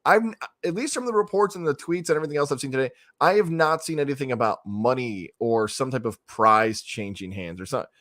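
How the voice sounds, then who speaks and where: A man co-hosting a sports talk show, wry and quick with a quip as he lays out the story. His voice is mid-pitched. It is recorded dry and close, with no room sound. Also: fairly bright tone, dry recording. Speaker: sports radio co-host.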